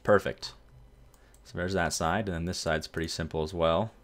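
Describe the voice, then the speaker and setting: Deep-voiced man rambling over a city build. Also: normal speed. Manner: relaxed, rambling, self-correcting. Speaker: gameplay video host. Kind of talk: casual let's-play commentary.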